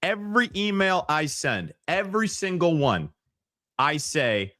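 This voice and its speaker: Blunt man with a lively voice. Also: on the high side, no room sound, clean studio sound. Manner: blunt, quick to push back. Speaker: soccer podcast co-host. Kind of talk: casual podcast banter.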